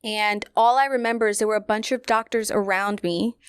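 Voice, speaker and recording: A woman's voice: mid-range voice, steady tone, fairly quick, clean tone, no echo, clean studio sound. A young woman, hosting a podcast and candidly telling a personal story to her listeners in a casual, chatty way. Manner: candid, conversational, many fillers, addresses listeners directly. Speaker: podcast host.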